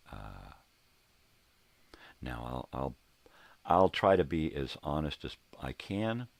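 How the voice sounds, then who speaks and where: A man's voice: very deep voice, big pitch swings, very slow, gravelly, long pauses, no room sound. An older man hosting a rambling, laid-back morning monologue, talking in a casual, profane way from a home room crammed with tapes and records. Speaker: host.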